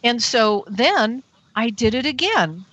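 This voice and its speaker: A woman guest on a talk radio show, telling a personal story in an earnest, animated way, voicing her own thoughts as she goes. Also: a little high, takes it slowly, no echo, low-quality recording.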